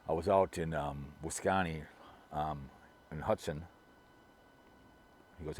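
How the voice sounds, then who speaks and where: A middle-aged man with a very low, deep voice rambles through a casual vlog, repeating himself and restarting sentences as he gossips. Soft background ambience sits behind him. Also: steady tone, slow pace, long pauses, slight background noise. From Minnesota, US. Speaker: vlogger.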